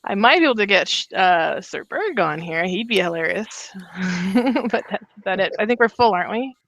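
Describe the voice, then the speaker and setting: A woman's voice: mid-range voice, animated, moderate pace, fairly bright tone, no room sound, rough recording. A woman telling candid stories in a casual group chat from home, laughing often.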